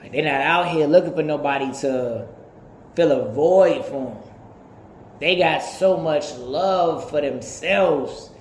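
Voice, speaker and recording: Man in his thirties, casual monologue, animated and profane, echoey room, faint background hum. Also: on the high side, slow pace. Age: 30s. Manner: animated, profane, laughing often. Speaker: podcast host.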